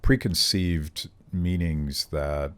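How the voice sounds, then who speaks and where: A man hosting a podcast interview, talking casually and haltingly with many fillers and repeated words. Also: a bass voice, fairly even intonation. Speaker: podcast host. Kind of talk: conversational interview.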